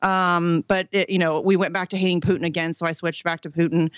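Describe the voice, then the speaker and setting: A woman's voice: lowish voice, little pitch movement, fairly quick, clean tone, no echo, dull audio. A woman from Ohio, a political activist, talking casually as a radio guest, with lots of ums and restarts. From Ohio, USA. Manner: chatty, many ums and restarts, laughs often.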